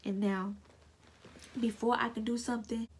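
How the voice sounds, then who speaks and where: A woman's voice: medium pitch, fairly even intonation, moderate pace, a little mellow, a little hiss or hum. Earnest young woman telling her story. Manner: earnest, emotional retelling. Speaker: lash technician vlogger. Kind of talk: personal storytelling.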